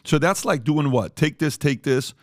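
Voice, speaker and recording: A man's voice: a little high, moderate pace, no echo. A man hosting a studio talk show, speaking casually and animatedly, repeating himself for emphasis with many fillers. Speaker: podcast host.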